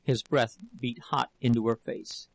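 A man narrating a novel as an audiobook in a measured, dramatic storytelling manner. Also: mid-range voice, fairly even intonation, dry recording, poor audio.

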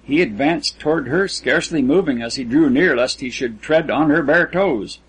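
A man with a husky, slightly raspy voice reads a literary story aloud. His pitch sits a little higher than most men's, and his delivery is measured and even. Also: rough recording. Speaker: audiobook narrator. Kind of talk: scripted literary narration.

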